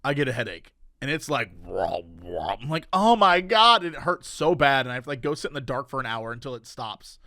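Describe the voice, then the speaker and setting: A young man co-hosting a podcast in casual chat, animated and exasperated, acting out quotes as he retells. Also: mid-range voice, fast talker, hardly any pauses, no room sound, studio quality. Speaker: podcast co-host.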